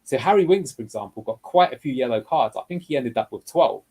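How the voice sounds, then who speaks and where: In a tactical video breakdown, a man appearing as a guest football analyst explains the match clips one step at a time. He speaks briskly and with animation, his medium-pitched voice a little mellow and husky. The recording is rough.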